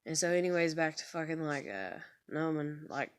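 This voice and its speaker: Young woman vlogger, low-voiced, near tears, rambling and swearing; raw confessional monologue. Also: lively intonation, moderate pace. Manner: rambling, profane, heartfelt. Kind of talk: emotional personal monologue to camera. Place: bedroom.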